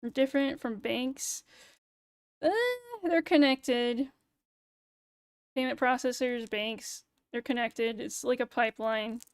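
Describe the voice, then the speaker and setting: A young woman with a high, smooth and clear voice, chatting casually on a livestream. She rants with a sarcastic edge and swears often. Her voice is recorded close and dry, with no room sound. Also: fairly even intonation, slow pace, pauses often, dry recording. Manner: ranting, sarcastic, swears a lot. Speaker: VTuber streamer.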